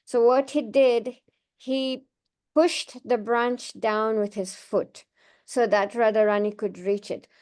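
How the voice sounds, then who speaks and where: A woman giving a devotional class, telling temple stories in a gentle, meandering way with frequent restarts. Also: fairly high pitch, steady tone, takes it slowly, clean tone. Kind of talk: informal devotional talk with slides.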